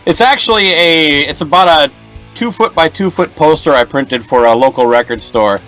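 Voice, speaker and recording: A man's voice: fairly high pitch, normal speed, bright, forceful tone, faint music behind. A man joining a podcast panel remotely, chatting casually with dry, easygoing humor. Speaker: guest. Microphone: remote call.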